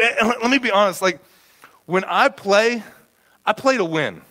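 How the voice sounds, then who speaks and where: A man preaching a sermon as a church pastor, stammering and repeating words as he gets fired up, swinging from hushed to loud. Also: sits high, expressive, normal speed, pauses often.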